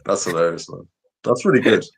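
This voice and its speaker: A man's voice: low-pitched, a little fast, gravelly, breathy edge. A man co-hosting a casual football chat stream, laid-back with short replies. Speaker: co-host.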